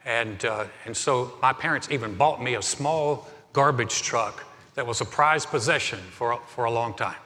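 A middle-aged male pastor delivers a live sermon in a church, his bright voice ringing out with a long hall reverb. He tells stories in a relaxed, conversational manner and often restarts his phrases mid-thought. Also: mid-range voice, moderate pace. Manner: storytelling, conversational with repeated restarts. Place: church sanctuary.

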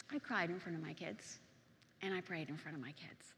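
A woman's voice: on the low side, a little fast, slight background noise. Emotional woman preaching in a reverberant hall. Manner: emotional storytelling, swinging from hushed to loud and excited. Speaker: pastor's wife and preacher. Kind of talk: personal testimony sermon.

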